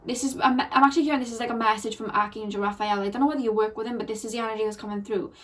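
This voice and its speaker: Earnest high-voiced woman reading tarot. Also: steady tone, very fast, a bit bright, recorded from a distance. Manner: emotional, earnest, repeats phrases, gets teary. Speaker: tarot card reader. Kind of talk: intuitive tarot reading to viewers.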